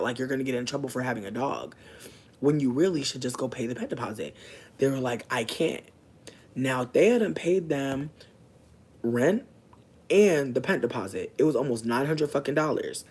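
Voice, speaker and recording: Animated, profane young man telling a story. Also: medium pitch, slightly rough. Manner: expressive, profane, slangy, swings into loud animated outbursts; breaks off to talk to passersby. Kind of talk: casual storytime rant.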